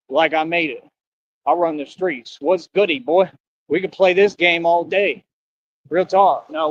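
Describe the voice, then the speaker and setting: A man's voice: high-pitched, no room sound, muffled recording. A man livestreaming, ranting boastfully and confrontationally at his chat in heavy street slang.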